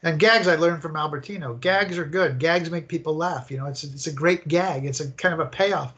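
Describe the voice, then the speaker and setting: An older man telling animated, rambling stories as a guest in an interview, acting out the scenes as he goes. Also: on the high side, moderate pace. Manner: animated, rambling storyteller who acts out scenes. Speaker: guest, attraction designer. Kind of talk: casual interview storytelling.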